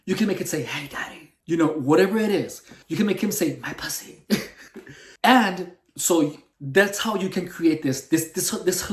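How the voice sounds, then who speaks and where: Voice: medium pitch, darkish tone, echoey room, recorded from a distance. A channel host in a casual monologue to camera, rambling and profane and often repeating words.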